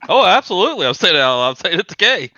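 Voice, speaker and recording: A man's voice: sits high, sing-song, rapid-fire, pushed and bright, no room sound, highs cut off. A man playing a tabletop game, wry and teasing in character. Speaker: player. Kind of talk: in-character tabletop role-play.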